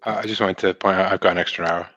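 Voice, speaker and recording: A man plays in a tabletop game, hesitating with many ums and uhs. His voice is low, and it comes through a dull, lo-fi mic. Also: steady tone, racing, pushed and bright, dry recording. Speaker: player. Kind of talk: tabletop role-play. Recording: dull lo-fi recording.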